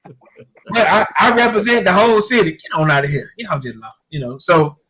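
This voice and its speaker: A man's voice: high voice, normal speed, pushed and bright, slight background noise. A man telling a long, rambling story in casual sports chat, often repeating himself. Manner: rambling storyteller, repeats "I ain't gonna lie to you". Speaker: guest commentator.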